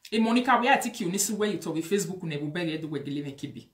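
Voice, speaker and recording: A woman's voice: fairly low pitch, expressive, rapid-fire. Woman, Nigerian Pidgin accent, preachy scolding commentary, roomy echo. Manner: preachy, lecturing, mixes Pidgin and Yoruba-like phrases. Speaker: online commentator. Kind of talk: scolding social media commentary.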